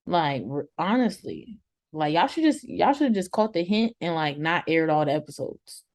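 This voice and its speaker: Animated slangy woman co-host. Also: on the low side, normal speed. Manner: animated, slangy, laughs often. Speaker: co-host of a TV review show. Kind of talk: casual review chat.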